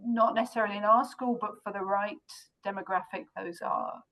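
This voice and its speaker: A woman co-hosting a podcast in casual conversation. She is a school librarian and talks with enthusiasm, leaning hard on her points. Her voice sits at a middle pitch. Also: steady tone, fairly quick, pushed and bright, low-quality recording. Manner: enthusiastic and emphatic.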